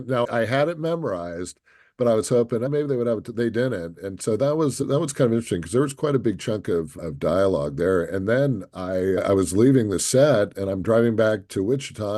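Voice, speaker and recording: Brief: male podcast co-host, low mellow voice, easygoing anecdotes. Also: no room sound, studio quality. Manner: anecdotal, relaxed. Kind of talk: casual podcast chat.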